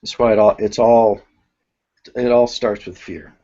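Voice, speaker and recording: Slow, halting man teaching a workshop. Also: fairly low pitch, fairly even intonation, warm tone, muffled recording. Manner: halting, thinks aloud with many restarts. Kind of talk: spiritual workshop lecture.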